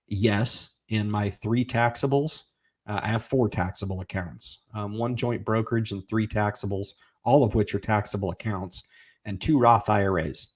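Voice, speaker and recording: A man in his forties hosting a casual livestream, reading viewer comments and urging them on in an energetic, folksy way. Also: fairly low pitch. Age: 40s. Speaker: livestream host.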